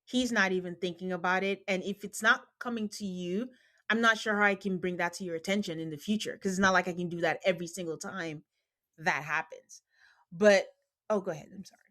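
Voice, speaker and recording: A woman's voice: fairly low pitch, brisk. A woman hosting a podcast, casually recapping a reality show and acting out what people said. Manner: quotes people in animated retellings. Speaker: podcast host.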